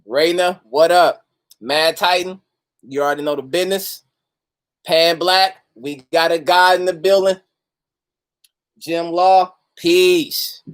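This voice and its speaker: A man's voice: a little high, fairly even intonation, slow pace, long pauses. A man hosting a casual livestream, greeting viewers by name and talking loosely with street slang and plenty of profanity. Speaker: host of a livestream talk.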